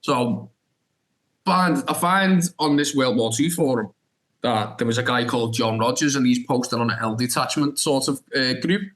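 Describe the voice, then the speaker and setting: A man's voice: medium pitch, normal speed, fairly bright tone, poor audio. A young man, an actor telling a rambling story as a podcast guest and acting out his own reactions. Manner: rambling, full of restarts and filler "da da da". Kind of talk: animated anecdote storytelling.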